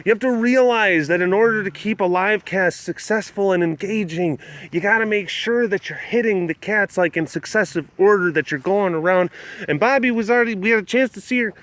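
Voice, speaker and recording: A young man from southwest Wisconsin hosting a casual livestream outdoors at an animal compound, joking and reading viewer comments with loud hype and low mumbles. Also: fairly quick. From southwest Wisconsin, USA. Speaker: livestream host at a big cat facility.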